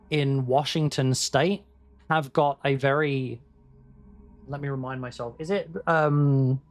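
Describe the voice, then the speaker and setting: A man hosting a game livestream, chatting casually with viewers in a rambling way, with restarts and the odd swear word. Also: on the high side. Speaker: livestream host playing a game. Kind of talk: casual chat with viewers while gaming.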